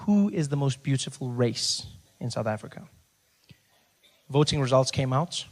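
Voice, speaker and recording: A man performing a stand-up comedy set on stage, telling stories with animated, mock-indignant bursts. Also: medium pitch, normal speed. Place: comedy stage before live audience.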